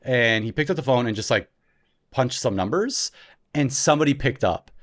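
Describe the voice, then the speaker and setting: A man from Canada in his thirties, co-hosting a podcast and telling a story in a casual, animated way, loudly acting out the people he quotes. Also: mid-range voice, moderate pace. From Ontario, Canada. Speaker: podcast co-host.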